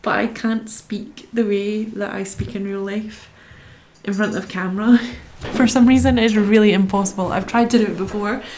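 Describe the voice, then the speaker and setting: A woman's voice: mid-range voice, fairly even intonation, normal speed, a little mellow, a little hiss or hum. A young woman from Scotland chatting casually to her live-stream viewers while she colours, reading out their comments and talking to herself as she works.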